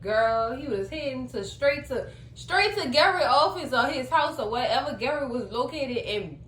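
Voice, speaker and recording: A woman's voice: sits high, animated, moderate pace, fairly bright tone. A woman, chatting casually as she recaps a TV episode and acts out the characters' lines. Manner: chatty, dramatic, acts out quotes. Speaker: TV recap vlogger. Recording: echoey room, faint hum.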